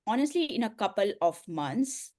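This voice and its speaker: A woman's voice: medium pitch, sing-song, moderate pace. Earnest middle-aged woman telling her story. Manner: earnest, emotional storytelling with soft laughs. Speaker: guest, coach and speaker. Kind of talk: personal story in an interview.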